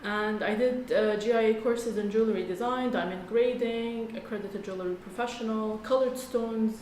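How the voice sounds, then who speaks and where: A woman from Saudi Arabia, a jewelry business owner, answering interview questions in a relaxed, matter-of-fact way. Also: fairly high pitch, moderate pace. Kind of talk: casual interview. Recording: echoey room, faint noise.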